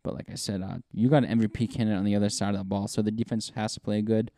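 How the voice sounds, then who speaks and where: Mellow-voiced man rambling about sports. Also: fairly low pitch, level tone, rapid-fire, no echo, studio quality. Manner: rambling, lots of fillers and restarts. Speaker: podcast co-host. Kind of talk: casual sports chat.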